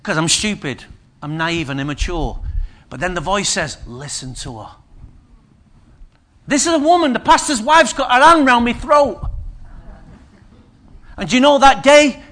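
A man's voice: extremely high pitch, sing-song, normal speed, a bit bright. A man preaching a sermon, conversational and humorous with emphatic turns.

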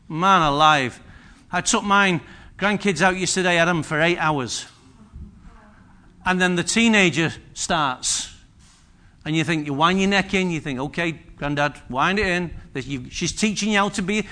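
A man's voice: high voice, measured pace, pauses often. An older man preaching a sermon in a church, telling stories and asking the congregation questions. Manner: lively, storytelling, asks the congregation questions.

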